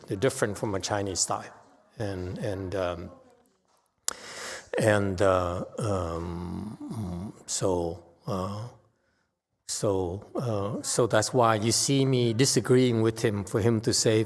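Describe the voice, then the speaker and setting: A middle-aged man giving an unscripted Dharma lecture, halting and full of fillers, bluntly stating his opinions. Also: lowish voice. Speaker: Buddhist teacher giving a Dharma talk. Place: temple hall. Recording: long hall reverb.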